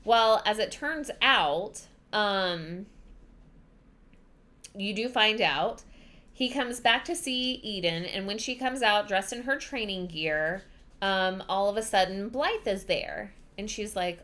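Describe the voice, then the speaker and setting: A woman's voice: mid-range voice, takes it slowly, sharp tone. A young woman hosting a book podcast, giving a chatty, rambling recap full of fillers. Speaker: podcast host.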